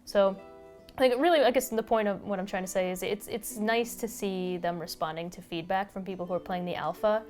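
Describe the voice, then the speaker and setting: A woman's voice: medium pitch, brisk, darkish tone, faint music behind. A woman co-hosting a gaming podcast, talking casually with lots of fillers and restarts. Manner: chatty, many fillers and restarts. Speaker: podcast co-host.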